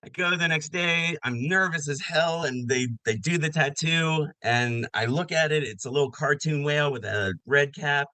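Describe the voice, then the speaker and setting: A man in his fifties, a podcast guest, telling personal stories in a lively, casual way and acting out the voices of people he quotes. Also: fairly high pitch, moderate pace, hardly any pauses, no echo, rough recording. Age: 50s. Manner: animated storyteller who acts out quoted voices. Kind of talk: casual storytelling interview.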